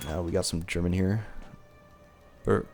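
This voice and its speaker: A man chats over his own gameplay in a relaxed, somewhat low voice. He reads the game's text aloud as he goes and pokes fun at his own slips. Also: unhurried, soft background music. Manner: chatty, reads game text aloud, laughs at himself. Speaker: gaming video host. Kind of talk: casual gameplay commentary.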